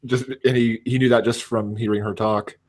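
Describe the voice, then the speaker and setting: A man with an American West Coast accent in casual podcast chat, hesitant and halting with many fillers. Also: lowish voice, little pitch movement, a little mellow.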